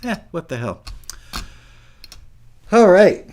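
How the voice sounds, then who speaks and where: A man hosting a live stream, talking in a relaxed, rambling, self-deprecating way. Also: high voice, takes it slowly. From Southern California. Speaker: show host. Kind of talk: casual live-stream chat.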